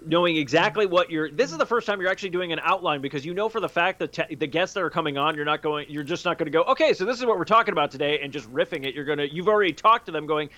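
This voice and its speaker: A man's voice: on the high side, very fast, hardly any pauses, sharp tone, muffled recording. A man co-hosting a casual podcast chat, talking emphatically and swearing a lot as he gives a friend a pep talk. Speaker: podcast co-host.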